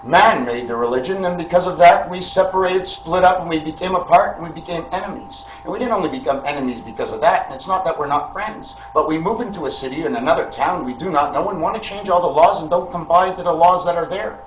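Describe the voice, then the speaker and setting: A man's voice: on the high side, fast talker, few pauses, a little hiss or hum, poor audio. A man delivering a rambling spiritual monologue to camera, preachy and full of rhetorical questions, calling his listeners friends. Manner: wandering, addresses listeners as friends. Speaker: vlogger.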